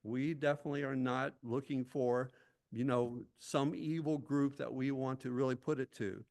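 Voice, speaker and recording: Gravelly guy reading a prepared comment at a county meeting, intense, mid pitch. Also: fairly even intonation, normal speed, a little mellow. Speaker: public commenter. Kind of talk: prepared public comment at a town hall.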